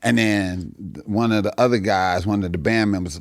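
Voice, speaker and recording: Brief: male comedian with a low voice and a dry, close sound, spinning animated and profane stories. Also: normal speed, no room sound. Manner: animated, profane, acts out the characters in his stories. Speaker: guest comedian. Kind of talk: storytelling in a podcast chat.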